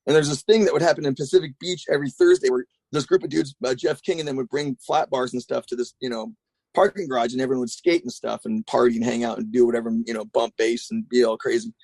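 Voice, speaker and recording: Fast-talking raspy man telling stories. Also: medium pitch, dry recording. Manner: profane, rambling, animated. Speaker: guest skateboarder. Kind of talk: casual storytelling.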